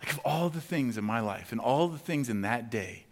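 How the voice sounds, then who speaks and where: A man's voice: mid-range voice, animated, moderate pace. Man, pastor, chatty storytelling sermon, fillers, long hall echo. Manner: conversational storytelling, many fillers, acts out quotes.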